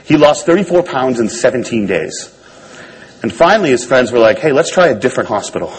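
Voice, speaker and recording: A man's voice: mid-range voice, sing-song, a little fast, slight background noise, poor audio. A man on stage telling a personal story to an audience in a wry, self-deprecating way. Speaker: speaker giving a talk.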